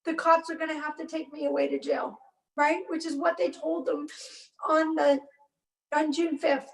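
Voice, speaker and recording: A woman in her forties telling her own story as an interview guest, emotionally charged and halting, with bursts of anger. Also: high-pitched, flat delivery. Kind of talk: personal account in a podcast interview. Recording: roomy, distant mic.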